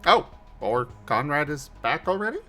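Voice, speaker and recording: A man's voice: a little high, very animated, normal speed, sharp tone, soft background music. A man hosting a livestream, welcoming viewers and chatting casually with plenty of fillers. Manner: rambling, filler-heavy. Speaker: streamer host.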